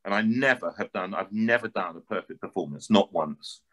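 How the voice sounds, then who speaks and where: A man with a North London accent, an opera singer telling stories in an interview with lively, animated delivery and frequent word repeats. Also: deep voice, moderate pace. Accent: North London English. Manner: lively, repeats words while building a point.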